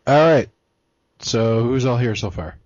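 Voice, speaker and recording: A man's voice: mid-range voice, a little slow, darkish tone, no echo. A man hosting a casual, boozy podcast over a call, easygoing and swearing, setting up the call himself. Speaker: podcast host. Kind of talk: casual drunken chat. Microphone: computer mic on a call. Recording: dry, dull lo-fi call audio.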